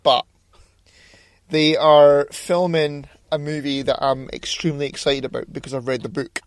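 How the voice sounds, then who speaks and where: A man co-hosting a casual podcast, telling stories in a joking, rambling way. His voice sits a little high, and the recording is dry and close. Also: level tone, normal speed, no room sound. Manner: jokey, rambling, swears freely. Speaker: podcast co-host. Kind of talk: casual chat.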